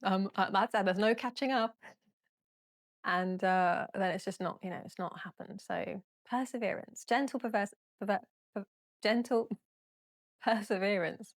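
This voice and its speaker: A woman's voice: mid-range voice, a little slow, long pauses, no room sound, studio quality. A young woman teaching a casual guided yoga class, chatty and giggly, often apologizing through yawns.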